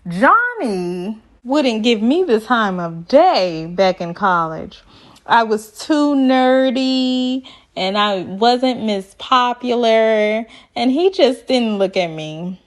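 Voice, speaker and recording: A woman mimicking a soft-spoken, insecure young woman in slow, drawn-out speech. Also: a little high, lively intonation. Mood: plaintive.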